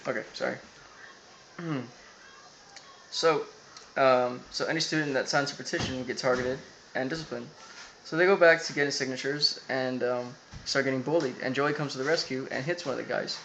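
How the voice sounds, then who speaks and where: A man's voice: mid-range voice, steady tone, moderate pace, a bit bright, slight background noise, low-quality recording. A man casually recapping an anime episode, rambling with lots of fillers and quoted asides.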